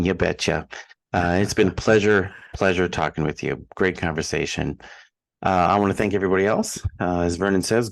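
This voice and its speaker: Gravelly deep-voiced Minnesotan host. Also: male voice. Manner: playful, jokey questions. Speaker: podcast host. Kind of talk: casual interview.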